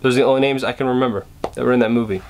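A man's voice: medium pitch, fairly even intonation, rapid-fire, a little hiss or hum. A young man rambling casually to camera at home, self-deprecating and full of restarts. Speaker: vlogger. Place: bedroom at home, indoors.

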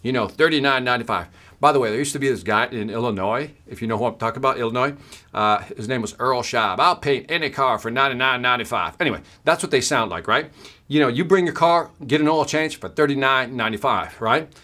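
A man's voice: medium pitch, fast, sharp tone. A man giving a workshop talk as a sales trainer, telling a story and acting out both sides of the conversation, checking in often with "right?".

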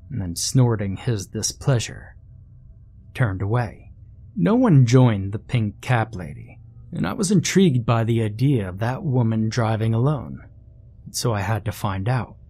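A man's voice: mid-range voice, dark tone. Man narrating a horror story. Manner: measured storytelling with conversational asides.

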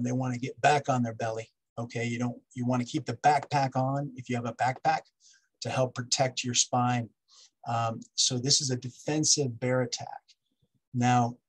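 A man's voice: medium pitch, husky, rough recording. A man giving a public wildlife safety lecture, instructive and repetitive, checking in with "okay?" as he lists steps. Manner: instructive, repeats key steps, asks "okay?".

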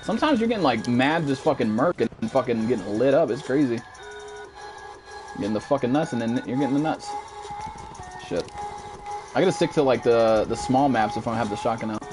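A man's voice: medium pitch, fairly quick, pauses often, music in the background. A young American man streaming a shooter game, cursing constantly, ranting and reading out viewers' chat messages. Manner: profane, excitable, reads chat aloud. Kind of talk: live gameplay commentary.

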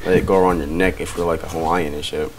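A man's voice: deep voice, fairly even intonation, fast talker, music in the background. A young man in a hotel room, bantering and teasing his friend in casual chat. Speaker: friend helping film.

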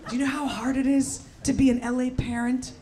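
A middle-aged woman from the former Soviet Union doing a stand-up set, brash and shouting her punchlines with mock-gentle asides. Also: sits high, steady tone, a little fast. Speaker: stand-up comedian. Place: comedy venue with live audience. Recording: loud crowd and room noise. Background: audience laughter.

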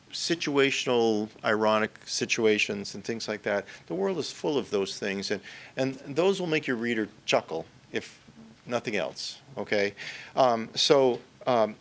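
A man giving a conversational workshop talk on writing at a conference, often checking in with the audience. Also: medium pitch. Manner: conversational, often ends points with "okay?". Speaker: conference speaker. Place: conference room.

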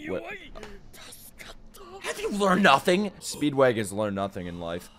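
A man reacting to an anime episode, talking back at the screen in excited bursts, joking, swearing and laughing. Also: medium pitch, unhurried, slight background noise. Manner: excitable, shouting outbursts and swearing; jokey running commentary, laughs often. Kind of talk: live reaction commentary.

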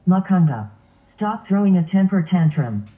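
A man voicing a stern male lion who scolds in a flat, stiff way. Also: high-pitched, moderate pace. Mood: scolding. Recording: tinny phone-like sound.

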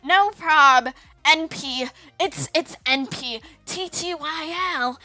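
Woman putting on a squeaky girl voice, very high, slow and drawn out, bright tone. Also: no room sound, faint music behind, full character voice. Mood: goofy.

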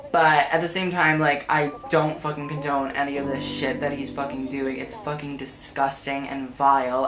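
Woman ranting casually, lots of swearing, sarcastic, low voice, roomy echo and music under it. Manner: profane, sarcastic, frank. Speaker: fashion vlogger. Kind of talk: casual commentary. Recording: echoey room with background music.

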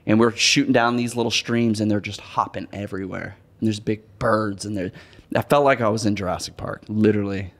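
A man's voice: lowish voice, fairly even intonation, fairly quick, fairly bright tone. A man in casual podcast chat, laid-back and slangy. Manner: laid-back, says dude and bro.

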